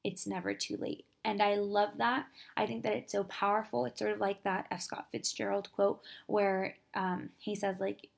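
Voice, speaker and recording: A young woman hosting a podcast, giving a casual, upbeat motivational talk full of quick asides and filler words. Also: mid-range voice, level tone, gravelly. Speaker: podcast host.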